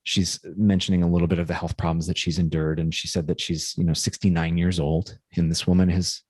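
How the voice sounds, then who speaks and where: A male podcast co-host telling a personal story in a casual, thoughtful way, often halting and restarting. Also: deep voice, level tone, a little mellow, no room sound, clean studio sound.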